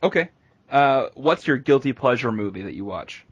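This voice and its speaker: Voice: medium pitch, expressive, normal speed, slightly rough, lo-fi sound. A co-host of an interview show, joking and laughing a lot. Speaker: podcast co-host. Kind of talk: casual interview chat.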